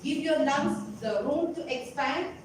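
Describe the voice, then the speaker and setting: A woman's voice: sits high, slow, a little hiss or hum. A woman teaching a public speaking lesson to young students, often checking in with her listeners as she explains. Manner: instructive, often checking in with "okay?" and "isn't it?". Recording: very echoey room, voice far from mic.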